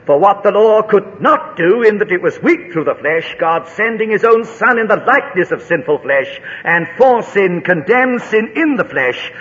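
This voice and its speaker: In a dramatic, animated sermon, a man preaches in a high, bright voice at a slow, deliberate pace, rising to ringing high shouts as he tells a story. The recording is dull and lo-fi, with long echo from a large hall.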